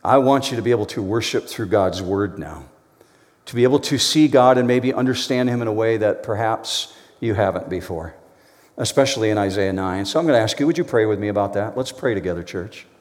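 A man's voice: on the low side, expressive, a little fast. A man preaching as a pastor, earnest and building to emphatic storytelling. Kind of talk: sermon with prayer and joke. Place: church sanctuary. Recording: long reverb of a large hall.

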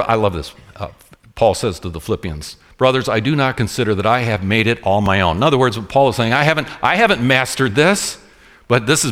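A man delivers a sermon from the pulpit. His voice sits a little high for a man. He repeats key phrases and slows right down to stress them. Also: fairly bright tone. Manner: preaching with sudden slowed emphasis and repeated phrases. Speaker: pastor. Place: church room with congregation.

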